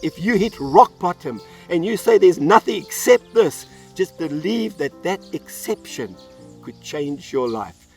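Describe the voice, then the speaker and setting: A man's voice: fairly high pitch, big pitch swings, measured pace, distant mic, faint music behind. A man pastor delivering an earnest sermon, telling a Bible story and acting out its voices. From South Africa.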